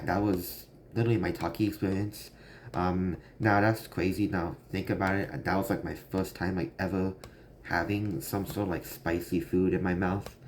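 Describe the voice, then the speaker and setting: Low-voiced young man rambling a story. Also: slight background noise. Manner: rambling with many fillers. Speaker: vlogger. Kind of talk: casual storytelling monologue.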